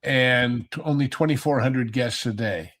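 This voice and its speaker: A man's voice: mid-range voice, a little slow, fairly bright tone. A man on a podcast panel telling rambling, nostalgic stories in casual chat.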